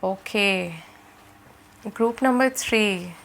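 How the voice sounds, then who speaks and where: A woman giving a gentle, reassuring tarot reading to her viewers, often checking in with "okay?". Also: mid-range voice, drawn-out words, a little hiss or hum, rough recording. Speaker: tarot reader.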